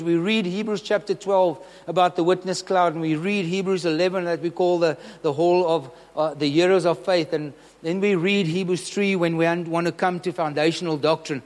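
A man's voice: high-pitched, darkish tone, big-room sound. A man preaching a sermon, earnest and emphatic, asking the congregation questions.

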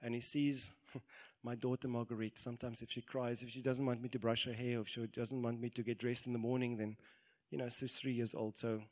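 A man in his thirties preaching a sermon, animated, acting out quoted lines and swelling into loud exhortation. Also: mid-range voice, brisk.

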